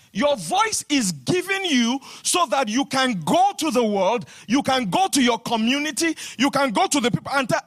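A man's voice: extremely high pitch, fairly bright tone. A man with a Nigerian accent preaching a fervent sermon and leading the congregation in spoken declarations. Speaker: pastor.

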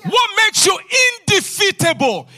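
A man preaching a sermon as pastor, repeating his points emphatically with frequent hallelujahs and a sing-song cadence that sometimes drops to a hushed rebuke. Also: very high-pitched, big pitch swings, measured pace.

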